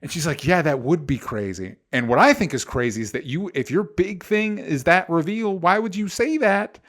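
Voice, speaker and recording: A man's voice: high voice, animated, normal speed, a bit bright. A man co-hosting a casual chat show, ranting animatedly with exasperation and swearing. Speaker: podcast co-host.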